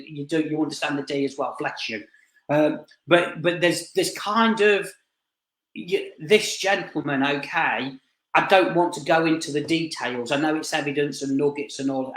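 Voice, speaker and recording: A man giving a live spirit reading as a medium, talking in halting bursts full of restarts and repeated fillers. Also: fairly high pitch, fairly bright tone. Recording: roomy echo.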